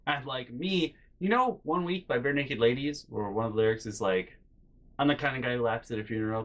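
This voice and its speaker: A young man telling comedic personal stories in a rambling, animated way, with loud acted-out outbursts. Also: on the low side. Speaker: storytelling vlogger.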